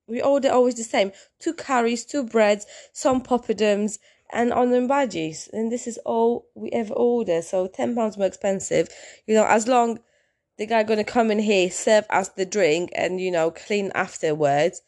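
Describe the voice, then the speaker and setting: A woman's voice: medium pitch, normal speed, darkish tone. A woman hosting her own podcast, telling an everyday story in a chatty, rambling way that wanders off and circles back. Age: adult, in a long-term relationship. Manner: rambling, chatty, self-interrupting. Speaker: podcast host. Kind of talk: casual solo podcast storytelling.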